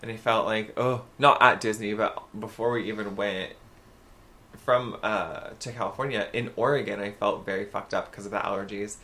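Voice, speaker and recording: Gravelly guy cohosting a podcast, bright edgy tone, gossipy animated storytelling. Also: lowish voice, moderate pace. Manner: animated, gossipy storyteller with sudden loud outbursts. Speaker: podcast co-host. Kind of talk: casual chat.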